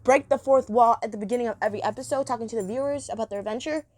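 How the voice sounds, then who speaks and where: A woman's voice: a little high, very fast, a little mellow, dry recording. A woman reviewing a cartoon episode in a chatty, rambling monologue, gushing about the characters.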